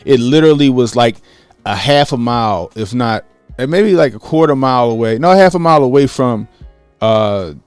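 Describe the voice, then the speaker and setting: Thirties male streamer, animated storyteller, mid pitch, dry room. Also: normal speed, smooth, no echo, soft background music. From Baltimore, USA. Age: 30s. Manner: animated, acts out quotes, greets chat by name. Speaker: livestream host. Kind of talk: casual livestream storytelling.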